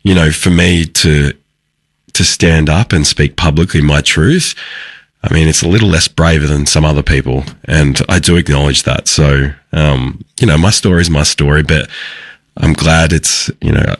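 A young Australian man with a husky, gravelly voice, a podcast guest talking earnestly and haltingly in an interview. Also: rumbling low, fairly even intonation, no room sound, clean studio sound. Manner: halting, restarts phrases, earnest. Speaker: podcast guest, former footballer. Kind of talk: candid interview talk.

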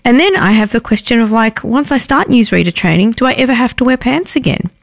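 A woman's voice: fairly high pitch, expressive, fairly quick, creaky, no room sound, clean studio sound. A woman hosting daytime radio in a chatty, self-deprecating way, with a slightly sore throat. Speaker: radio host. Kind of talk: casual radio chat. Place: radio station airlock.

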